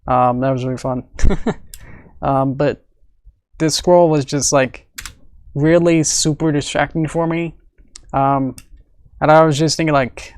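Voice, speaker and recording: A man's voice: fairly high pitch, clean tone, no echo. Giggly, rambling man on a stream. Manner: rambling, giggly, many fillers. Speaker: animator streaming his work. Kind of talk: casual livestream chat.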